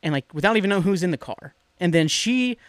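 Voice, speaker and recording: A podcast host chatting casually and reminiscing in an easygoing, relaxed way. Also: mid-range voice, quick pace, dry recording. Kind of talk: casual chat.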